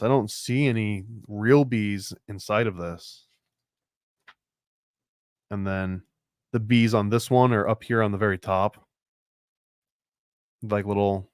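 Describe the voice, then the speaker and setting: A man's voice: lowish voice, clear, resonant tone, no echo, studio quality. A man hosting a casual show-and-tell of picture book art, rambling and unsure, full of likes and restarts. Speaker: host.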